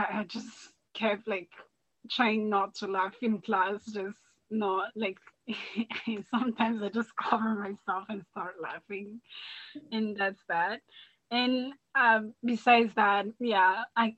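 A young woman from Burundi, a podcast guest, telling school stories in a lively way with frequent laughter and restarts. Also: medium pitch, no echo, dull audio. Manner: animated storytelling, laughing often, many restarts. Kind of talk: casual interview chat.

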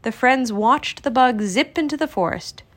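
A woman narrating a children's storybook read-aloud in an expressive, storytelling manner. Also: on the high side, moderate pace.

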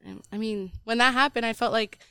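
Woman podcast co-host, candid rambling chat, clear smooth voice, dry sound. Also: on the high side, steady tone, brisk, pushed and bright, no echo. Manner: rambling, filler-heavy storytelling. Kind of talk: casual confessional chat.

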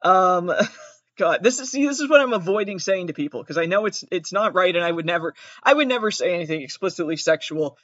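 A man's voice: sits high, animated, fairly quick, fairly bright tone, no echo. A man hosting a casual solo podcast, reading trivia questions aloud while often breaking into flustered laughter. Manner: giggly, flustered, keeps laughing and exclaiming. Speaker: podcast host. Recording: dull, lo-fi sound.

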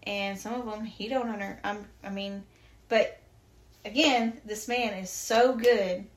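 A woman's voice: medium pitch, steady tone, a little slow, echoey room. A woman, a podcast guest, candidly telling a personal story in a chatty, emotional, faith-filled way with lots of fillers.

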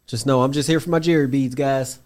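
A man co-hosting a podcast in casual chat, easygoing and slangy, often chiming in with quick agreement. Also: mid-range voice, steady tone, a little mellow. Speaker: podcast co-host.

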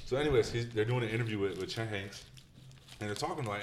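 Low voice guy, talks quick, just chilling and telling a story. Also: noisy background. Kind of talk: casual chat.

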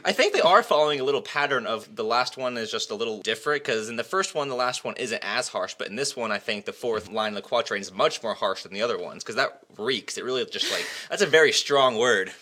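Young guy explaining poetry stuff, bright voice, lots of "like". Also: mid-range voice, lively intonation, fast, hardly any pauses. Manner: explanatory, hedging with "like". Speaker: student discussing a poem. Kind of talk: casual discussion.

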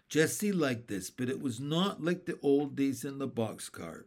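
A man reading a children's book aloud in a steady, clear storytelling manner. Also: medium pitch, a little slow, hardly any pauses. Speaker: reader.

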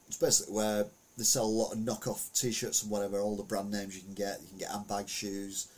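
A man's voice: on the low side, little pitch movement, a little fast, slightly rough. A man giving a casual, rambling commentary on the week's news, full of anecdotes and asides.

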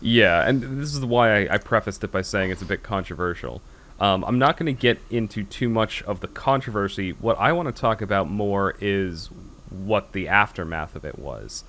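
A man's voice: fairly low pitch, lively intonation, normal speed, a bit bright. An American man hosting a podcast, talking in a rambling, casual way with lots of restarts. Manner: rambling, with many fillers and restarts. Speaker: podcast host. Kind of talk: casual chat.

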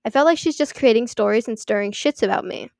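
A young woman reading online posts aloud and adding chatty commentary, full of "like" and quick apologies for her slips. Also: on the high side, gravelly, darkish tone, dry recording, clean studio sound. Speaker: story reader and commentator.

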